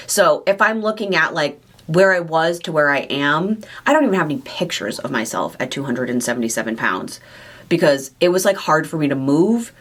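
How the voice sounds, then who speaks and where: A woman hosting a question-and-answer vlog to camera, speaking candidly and warmly about her own weight loss journey and her affection for her viewers. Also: low-pitched, animated, normal speed. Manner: candid, heartfelt, confiding. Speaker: weight loss surgery coach and channel host.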